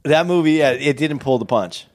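A man's voice: fairly high pitch, normal speed, no echo. A man co-hosting a podcast, chatting casually and working his thoughts out aloud. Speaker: podcast co-host. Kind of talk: casual chat.

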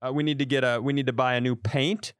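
A man's voice: medium pitch, quick pace, clear, resonant tone. A man co-hosting a comedy podcast, telling stories with frequent laughter into a close studio mic. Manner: giggly, animated storytelling. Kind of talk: casual comedic chat.

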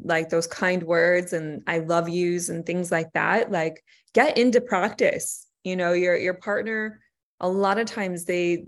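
A woman guest on a podcast, talking earnestly in long rambling stretches with restarts and laughs. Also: fairly low pitch. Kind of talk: casual chat.

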